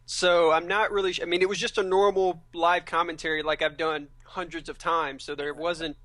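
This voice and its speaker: Bright-voiced man talking while eating. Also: fairly high pitch, little pitch movement, normal speed, dry recording. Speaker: guest, gaming commentator. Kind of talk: casual podcast chat.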